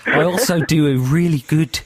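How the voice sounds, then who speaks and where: A man's voice: fairly high pitch, moderate pace, noisy background. A man co-hosting a radio comedy show, joking in a mock-serious way and often giggling. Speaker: radio co-host. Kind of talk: casual comedic radio chat.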